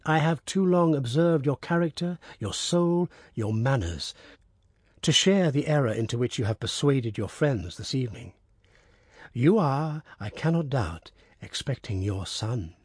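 A man voicing a scheming revolutionary prosecutor in a storybook reading, speaking in a measured, formal, oratorical way. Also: medium pitch, animated, a little mellow, slightly rough, no room sound, studio quality. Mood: solemn.

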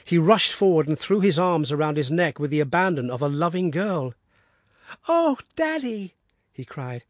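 A man narrating an audiobook with expressive, steady storytelling. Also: on the high side, fairly quick, few pauses, no echo, clean studio sound. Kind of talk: scripted narration.

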